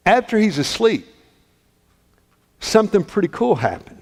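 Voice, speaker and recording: A male pastor delivers a sermon as vivid storytelling, acting out the characters' lines. His voice sits high for a man. The sound carries a long reverb, as in a church sanctuary. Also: very animated, moderate pace, darkish tone. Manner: dramatic retelling, voicing characters in quotes.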